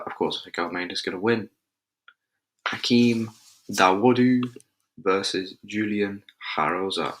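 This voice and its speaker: Low-voiced chatty man giving fight picks. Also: pushed and bright. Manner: chatty, thinking aloud, loose slang. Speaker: MMA show host. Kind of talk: casual fight predictions.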